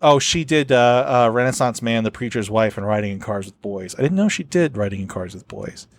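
A man chats casually as a podcast host. His voice sits at an ordinary pitch, and he rambles, stacking fillers and restarts as he tells a story. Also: lively intonation, brisk. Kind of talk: casual chat.

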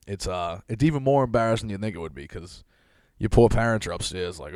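A man's voice: on the low side, animated, fast talker, a little mellow, no room sound. Profane, rambling man in his thirties. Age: 30s. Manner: rambling, profane, self-deprecating storytelling; laughs often while telling stories. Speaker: podcast host. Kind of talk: casual solo podcast monologue.

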